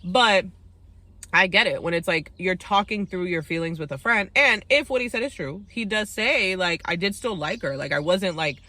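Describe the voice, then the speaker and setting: Bright-voiced, blunt woman ranting through a recap. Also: fairly low pitch, lively intonation, moderate pace, dry recording. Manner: blunt, profane, heated and opinionated; acts out quotes of the cast mid-story. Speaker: TV recap host. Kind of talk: casual reality-show recap commentary.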